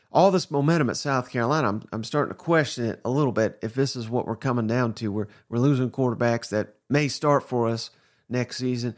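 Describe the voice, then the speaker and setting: Opinionated man ranting on sports. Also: mid-range voice. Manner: opinionated, animated rants with laughs and mild cursing. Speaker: podcast host. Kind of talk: casual sports commentary.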